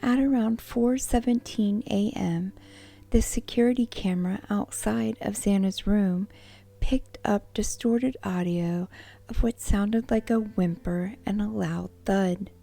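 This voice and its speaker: A woman whispering a true crime account as a soft-spoken ASMR narrator. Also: medium pitch, creaky. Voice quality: unvoiced whisper. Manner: soft-spoken, measured storytelling.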